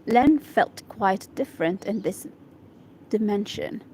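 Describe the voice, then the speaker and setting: With a mid-range, darkish voice and a slow pace, a woman reads an English article aloud to practice. Arabic is her first language, so she pauses to sound out and repeat hard words and check her pronunciation. Slight background noise is audible.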